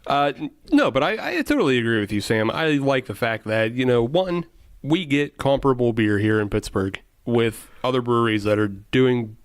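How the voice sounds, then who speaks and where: A man's voice: mid-range voice, expressive, normal speed, clean tone, dry recording, studio quality. A man co-hosting a casual beer-tasting podcast, joking and laughing often. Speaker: podcast co-host.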